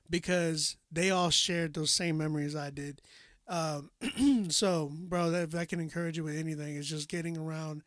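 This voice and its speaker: High-voiced young man, encouraging livestream chat. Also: fairly bright tone, dry recording, studio quality. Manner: conversational, encouraging, slangy. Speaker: livestream host. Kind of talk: casual livestream talk.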